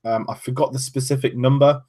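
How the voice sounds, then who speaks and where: A man's voice: mid-range voice, steady tone, a little fast, a little mellow. A man co-hosting a fan podcast, talking loosely and losing his words now and then. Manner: loose and chatty, often trails off mid-sentence. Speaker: podcast co-host. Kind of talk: casual podcast chat.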